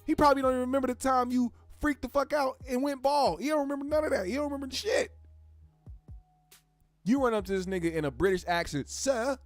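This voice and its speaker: Male host, high voice, blunt profane commentary over faint music. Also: quick pace. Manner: heated, blunt, swears a lot, slangy. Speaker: show host.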